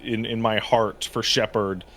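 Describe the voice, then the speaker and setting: A man's voice: on the low side, level tone, unhurried, a bit bright. A man co-hosting a podcast in casual chat, wry and joking, laughing often. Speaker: podcast co-host.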